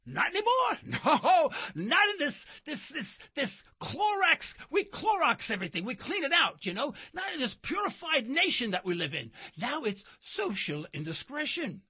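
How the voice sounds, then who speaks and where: A man's voice: very high-pitched, sing-song, normal speed, few pauses, bright, forceful tone, muffled recording. A man hosting a talk radio show, delivering a sarcastic, mocking monologue from his car while driving. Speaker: radio host.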